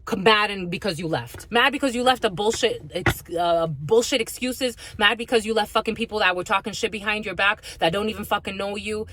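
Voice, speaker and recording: A woman's voice: medium pitch, a little fast, hardly any pauses, fairly bright tone, no echo. A woman giving an intuitive spiritual reading to her viewers, blunt and heavily profane as she rants. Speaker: spiritual reader.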